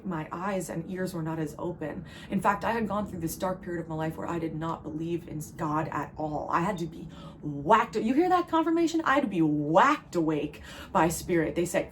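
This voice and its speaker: A woman's voice: lowish voice, a little hiss or hum, rough recording. A young woman from New Jersey giving an earnest, emotional spiritual channeling reading as a tarot reader. She rambles, restarts and circles back on her words.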